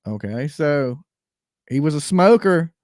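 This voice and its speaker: A man's voice: a little high, animated, slow pace, darkish tone, dry recording, studio quality. A man hosting a live stream, giving casual, chatty commentary straight to his viewers. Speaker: livestream host reacting to a recording.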